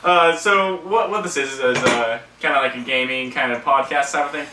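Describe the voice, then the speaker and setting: A young man co-hosting a casual gaming podcast, relaxed and hesitant with lots of fillers. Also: mid-range voice, normal speed, background noise. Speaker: podcast co-host. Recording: roomy echo, mic at a distance.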